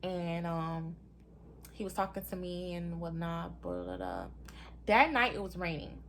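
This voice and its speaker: With a faint hiss or hum behind her, a young woman recounts her own experience to viewers at a measured pace. She's lively and casual, repeatedly saying "y'all," and voices other people's words in a high pitch.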